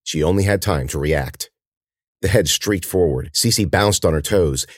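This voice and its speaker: A man reading a horror story aloud as narrator, with dramatic, measured storytelling. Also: deep voice, slightly rough, no room sound, clean studio sound.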